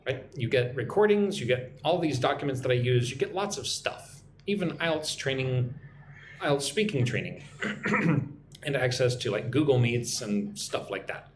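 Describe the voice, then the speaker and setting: An American man teaching English in a live online lesson, repeating example phrases slowly and clearly for learners. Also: mid-range voice, expressive, roomy sound, a little hiss or hum. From United States. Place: at home.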